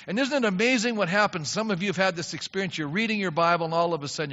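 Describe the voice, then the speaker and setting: A man's voice: high voice, fast, hardly any pauses, sharp tone. An older man preaching a sermon as pastor, earnest and emphatic, often rising into fervent prayer. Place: church sanctuary. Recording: dull lo-fi sound in a reverberant hall.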